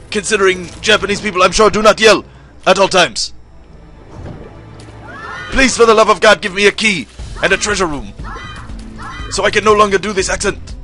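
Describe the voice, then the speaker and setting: A man's voice: high-pitched, bright, forceful tone. A young man commentating a video game, rambling and self-deprecating as he tries out exaggerated joke accents. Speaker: gaming video host. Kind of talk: let's play commentary.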